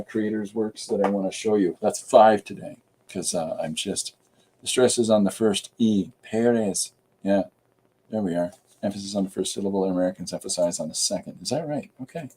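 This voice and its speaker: A man's voice: lowish voice, fairly quick, dark tone, slightly rough, rough recording. A middle-aged man from Canada, a comic artist chatting casually on a live stream, rambling with many fillers.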